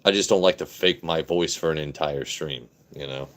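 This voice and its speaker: Man, very deep voice, casual livestream host, blunt and relaxed. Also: normal speed, heavy background noise. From Southern Maryland. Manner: drops his voice deep and blunt on purpose.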